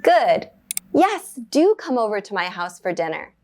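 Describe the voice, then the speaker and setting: A woman teaches beginner English grammar from a script in a clear, medium-pitched, sing-song voice at a measured pace, brightening whenever she praises the learner. A faint hiss or hum is audible in the recording.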